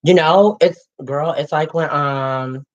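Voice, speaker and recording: A woman in her late twenties trades celebrity gossip in a low, throaty register. She is sassy and animated, peppering every line with "girl" and "honey." The recording sounds dull and lo-fi. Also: slow. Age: late 20s. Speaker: co-host. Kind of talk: casual gossip chat.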